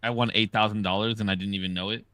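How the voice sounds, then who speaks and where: A man's voice: on the low side, fairly even intonation, racing, pushed and bright, no room sound. A man hosting a podcast, telling gambling stories in a loose, profane, casual way. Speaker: podcast host. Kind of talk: casual chat.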